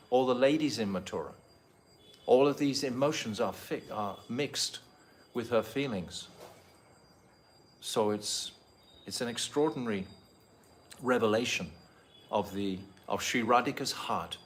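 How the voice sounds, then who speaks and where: A man in a mid pitch explains scripture to a seated group, pausing on fillers and turning to his listeners with questions. Faint noise sits under his talk. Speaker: spiritual teacher. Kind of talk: devotional scripture class. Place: holy site, live talk to a group.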